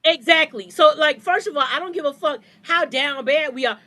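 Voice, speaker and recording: Woman podcast cohost going off, bright high voice, dry, cussing a lot, aave. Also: moderate pace, dry recording. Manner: profane, blunt, fired-up ranting. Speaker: podcast co-host. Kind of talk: heated podcast rant.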